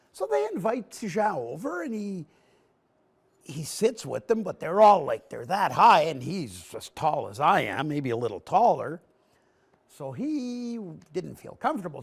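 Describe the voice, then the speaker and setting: A man's voice: sits high, gravelly, slightly rough. A man telling a story to children on a local TV show, acting out the scenes as he talks. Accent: Canadian English. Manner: animated, acts out scenes with gestures. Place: TV studio. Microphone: broadcast mic.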